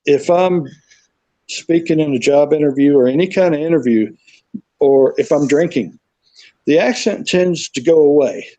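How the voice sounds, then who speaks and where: A man's voice: a little high, moderate pace, dark tone, no room sound, poor audio. A man with a Southern US accent, telling his story in a rambling, casual way on a remote call. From South Carolina, USA. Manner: rambling storyteller, acts out quoted voices. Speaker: guest. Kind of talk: casual conversation.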